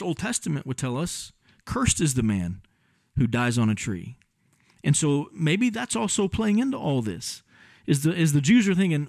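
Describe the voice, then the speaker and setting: A male pastor delivering a sermon in a casual, animated way. His voice sits a little high for a man. The sound is dry and close, with no room echo. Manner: conversational, animated preaching.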